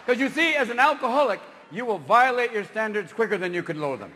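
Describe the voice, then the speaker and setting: Manic high-pitched stand-up comedian man. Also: animated, quick pace, noisy background. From Marin County, California, USA. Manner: manic, shouting, jumping between silly voices. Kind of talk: live stand-up routine. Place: stage in a large theater. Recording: reverberant live hall with ambience.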